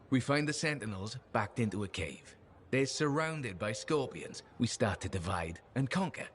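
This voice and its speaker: An actor playing a friendly, chatty colleague who tells a proud story in video game dialogue. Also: male voice, mid-range voice, fairly bright tone, slight background noise.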